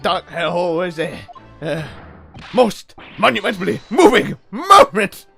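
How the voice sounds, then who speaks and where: A streamer voicing an eccentric, theatrical young poet who talks in alliterative, frantic bursts. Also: male voice, high voice, sing-song, a little slow, creaky, fairly bright tone, slightly rough, pitched above the performer's own voice, full character voice. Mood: dramatic, excitable. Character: eccentric paranoid male poet student abroad. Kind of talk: reading a game character aloud on stream. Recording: game music playing faintly behind.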